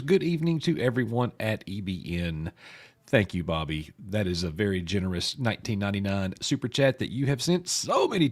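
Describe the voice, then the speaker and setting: A man hosting a casual live stream with a rough, hoarse voice, greeting viewers by name in a chummy way. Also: mid-range voice. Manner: lively, chummy, reads chat names aloud.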